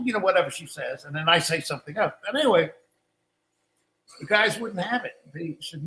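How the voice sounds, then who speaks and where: An older man tells stories in a loose, rambling way during a live Q&A, doubling back and restarting his sentences. His voice is high for a man and sharply bright. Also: lively intonation, a little fast, rough recording. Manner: rambling, restarts often, acts out quoted lines. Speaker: guest musician. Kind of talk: casual storytelling in a live Q&A.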